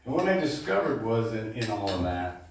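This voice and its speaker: A man, a baritone singer, casually introducing his show to a live supper club audience and often checking in with "okay?". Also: big pitch swings, moderate pace, noisy background. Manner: chatty, keeps checking in with "okay?". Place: supper club performance room. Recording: echoey room, distant mic.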